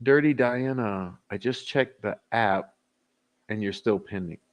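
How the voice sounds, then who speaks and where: A man's voice: on the low side, a little slow. A man hosting a livestream, casually joking with his chat and laughing often, a little tipsy. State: tipsy, giggly. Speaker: livestream host. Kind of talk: casual live chat sign-off.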